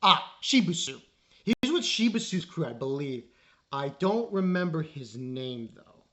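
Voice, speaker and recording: Guy ranting about an anime ep, slow and bright, voice jumps all over, lots of ums. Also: on the high side, sing-song. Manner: exasperated, rambling, halting with fillers. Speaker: anime reviewer. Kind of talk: casual spoken review.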